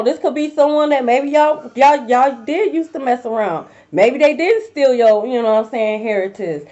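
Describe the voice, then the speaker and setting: A young woman gives her viewers a casual tarot reading, blunt, profane, and packed with slang. Her voice is high-pitched and a little mellow, heard through a dull, lo-fi recording.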